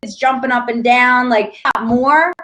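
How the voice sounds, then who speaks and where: A woman's voice: on the high side, a little slow, a bit bright. Earnest, chatty woman guest. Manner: chatty and earnest, many filler tags like "right?" and "you know". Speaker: interview guest, entrepreneur. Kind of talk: casual interview chat.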